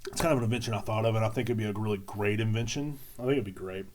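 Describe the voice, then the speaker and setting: Rambling crude man, mellow voice. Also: lowish voice, very fast, a little hiss or hum. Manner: crude, rambling, heavy fillers and repeats. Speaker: podcast host. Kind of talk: rambling comedic monologue.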